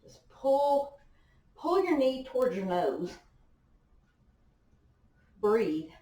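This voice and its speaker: A woman coaches a workout class, her slow, unhurried cues rising and falling in a lively pitch. She sounds a little winded between exercises and encourages the class with small laughs. Her voice comes from some distance away in an echoey room. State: out of breath at times. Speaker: fitness instructor. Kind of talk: live workout class instruction.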